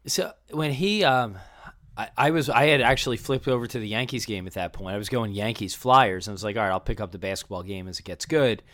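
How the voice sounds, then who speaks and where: Low-voiced man rambling through sports chat. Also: a little fast, a bit bright. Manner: rambling, hesitant restarts. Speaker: sports podcast co-host.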